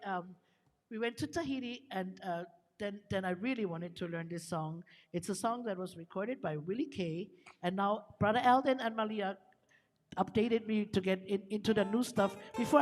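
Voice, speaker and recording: A middle-aged woman from Hawaii spins a story at a live music event, chatty and quick to laugh. Her voice sits at an ordinary pitch for a woman. A long reverb trails behind it, as in a live venue. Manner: chatty, laughing, lively quoted asides. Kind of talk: casual storytelling to a live audience.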